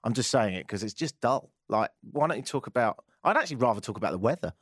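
A man's voice: mid-range voice, fast talker, slightly rough, no echo, studio quality. Sarcastic British man hosting a show. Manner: sarcastic, animated storytelling. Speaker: radio show host. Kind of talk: casual chat monologue.

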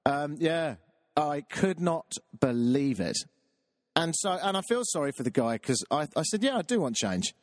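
A British man hosting his own show, doing a self-mocking comic rant that keeps jumping up into a high squeaky voice. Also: sing-song, moderate pace, dry recording, clean studio sound. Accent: British English. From Britain. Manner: exasperated, self-mocking, jumps into a high squeaky voice when riled. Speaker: show host. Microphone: webcam setup.

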